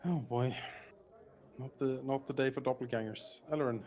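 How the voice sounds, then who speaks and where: A man's voice: mid-range voice, fairly even intonation, normal speed, darkish tone. A man narrating as dungeon master in a tabletop game, laughing often and talking with hesitant fillers.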